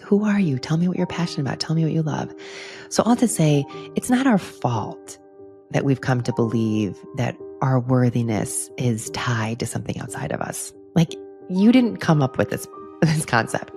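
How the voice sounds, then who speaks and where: A woman's voice: extremely low pitch, very animated, brisk, gravelly, music in the background. A middle-aged woman hosting a solo podcast, talking candidly and chattily to her listeners and laughing often. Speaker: podcast host. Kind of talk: casual solo podcast chat.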